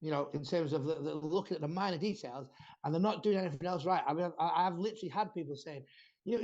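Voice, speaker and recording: Brief: male podcast host, blunt and sweary, slightly high voice, muffled lo-fi recording. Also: fast talker, darkish tone. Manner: blunt, swears freely, rambling explanations. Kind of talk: casual podcast chat about training. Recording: dull lo-fi sound.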